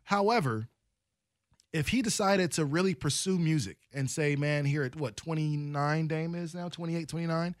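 A man's voice: fairly high pitch, normal speed, dry recording, studio quality. A man hosting a sports radio show, talking casually and rambling in a self-deprecating way.

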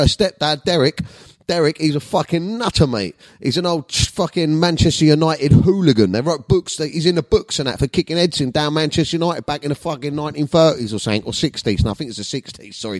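A man's voice: medium pitch, dry recording. A boisterous man in his thirties runs his comedy podcast solo, swearing freely and bantering at pace. His voice sits in a middling register. The recording is dry, with no room around it.

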